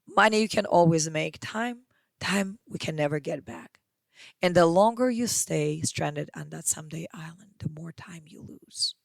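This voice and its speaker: A woman's voice: sits low, unhurried, creaky, dry recording. A woman hosting a podcast, giving an emphatic motivational monologue and speaking straight to the listener as her friend. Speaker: podcast host.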